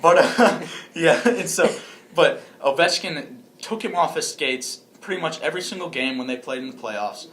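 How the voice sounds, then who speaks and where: A man's voice: fairly high pitch, expressive, normal speed, fairly bright tone, a little hiss or hum. A young man co-hosting a casual podcast, rambling with restarts and frequent laughs. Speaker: podcast co-host.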